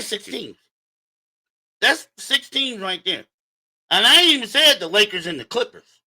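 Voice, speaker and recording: Man, sports livestream host, high voice, very bright and sharp tone, emphatic, talks to viewers.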